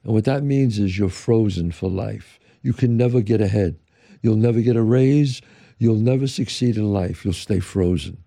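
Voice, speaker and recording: A man's voice: fairly low pitch, normal speed, creaky, warm tone, voice pushed down. A man doing a gossipy confiding mother. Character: chatty mother who cannot keep a secret.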